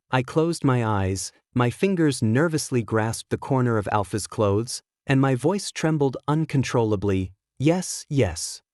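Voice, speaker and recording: A man's voice: medium pitch, a little mellow, no room sound, studio quality. Man reading a first-person story. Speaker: narrator.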